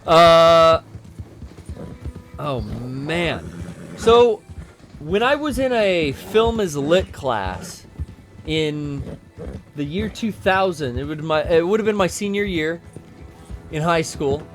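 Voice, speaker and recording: A high-pitched man in his thirties spins a rambling, profane story while co-hosting a game stream. Faint game music plays behind him. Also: big pitch swings, takes it slowly, long pauses. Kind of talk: casual storytelling over gameplay.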